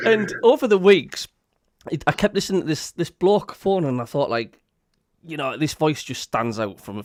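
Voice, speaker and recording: On a casual podcast, a man with a Sunderland accent tells animated stories, full of laughter and quoted voices. His voice sits on the high side, and the studio-quality recording has no echo.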